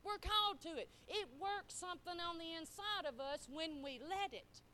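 A middle-aged woman preacher giving a sermon, telling folksy stories and prodding her congregation for responses, swinging between quiet and loud. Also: very high-pitched, moderate pace.

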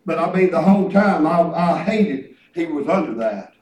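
A man's voice: on the high side, animated, normal speed, darkish tone. A middle-aged man preaching a folksy, emphatic sermon and repeating himself for effect. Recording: echoey room, from a distance.

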